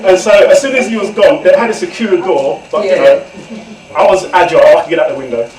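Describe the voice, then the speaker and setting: A man's voice: high-pitched, fast talker, a crowd in the background. A man in his forties telling his life story to an audience, candid and conversational, often turning to the listeners directly. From England. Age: 40s. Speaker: guest author speaker. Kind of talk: personal storytelling talk to an audience. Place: event room with an audience. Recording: echoey room, far from the mic.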